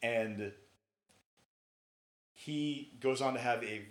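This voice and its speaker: A man's voice: medium pitch, drawn-out words. A man hosting a podcast in casual chat, leading the talk and explaining storylines. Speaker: podcast host. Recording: echoey room.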